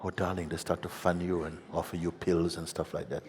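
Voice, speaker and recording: A man giving a satsang teaching as a spiritual teacher, gentle and unhurried, often breaking into laughter. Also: sits low, level tone. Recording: long hall reverb with faint ambience.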